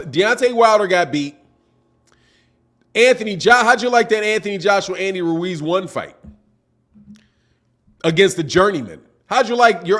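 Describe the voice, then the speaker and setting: A middle-aged man hosting a boxing livestream, reading chat messages and teasing viewers in an animated, slangy way. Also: high-pitched. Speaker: boxing channel host. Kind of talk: livestream commentary with chat shout-outs.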